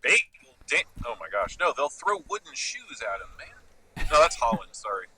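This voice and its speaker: A man's voice: mid-range voice, big pitch swings, moderate pace, pushed and bright, low-quality recording. A man co-hosting a podcast, trading jokes in casual banter. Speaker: podcast co-host.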